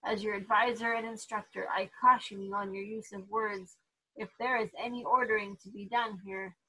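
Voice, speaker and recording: A woman's voice: medium pitch, flat delivery, moderate pace, bright, forceful tone, breathy edge, rough recording. A woman voicing a haughty, scheming male regent with a cold, contemptuous manner. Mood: threatening.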